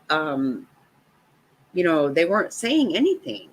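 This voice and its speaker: A woman in her fifties tells a story from her own life in a loose, rambling way, swearing as she goes. Her voice sits low for a woman but sounds bright and forward. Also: expressive, measured pace, low-quality recording. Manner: rambling, swears freely, laughs between lines. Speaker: vlogger telling a personal story. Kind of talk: casual storytelling.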